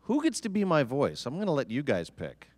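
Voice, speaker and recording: A man's voice: fairly high pitch, wildly swooping pitch, a little fast, big-room sound, background noise. A man moderating a convention panel, joking with the audience. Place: large convention hall.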